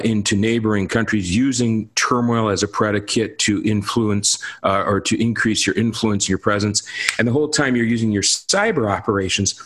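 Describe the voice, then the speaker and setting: A man's voice: on the low side, a bit bright. A man giving emphatic commentary on politics in a lecturing, insistent manner. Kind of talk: political discussion.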